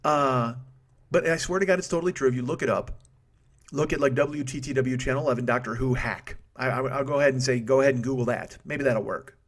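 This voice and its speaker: A man's voice: mid-range voice, quick pace. A man in his forties hosting a comedy podcast, rambling through a profane monologue, cutting himself off and laughing at his own jokes. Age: 40s. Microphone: studio microphone.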